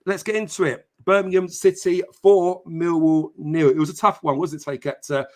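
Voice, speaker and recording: A chatty man hosts a live football podcast stream, his voice sitting a little higher than most men's. He talks casually with plenty of ums and uhs. He greets viewers one by one by name. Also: fairly even intonation, normal speed, darkish tone. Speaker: podcast host.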